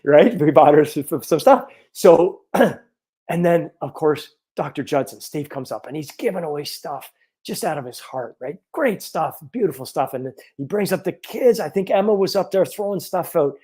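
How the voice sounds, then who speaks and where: A chiropractor in his fifties telling a personal story in an animated, earnest way. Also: a little high, normal speed, breathy edge. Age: 50s.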